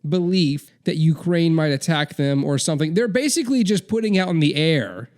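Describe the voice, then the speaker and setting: A man's voice: on the high side, lively intonation, normal speed, darkish tone. A man giving rambling, sarcastic comedic commentary as a vlogger, full of filler words.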